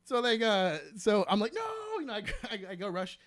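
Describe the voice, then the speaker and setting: A male comedian tells a story on a podcast, acting out each person's lines and swearing freely. His voice sits high and bright. It leaps up and down as he goes. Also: brisk. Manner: animated, swears a lot, acts out what others said. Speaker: guest comedian.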